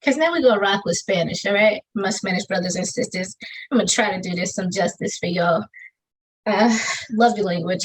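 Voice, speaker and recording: A woman poet from the US South reads her own spoken-word poetry on a video call in an emphatic, rhythmic style peppered with Southern slang. Her medium-pitched voice has a breathy edge, and the recording quality is low.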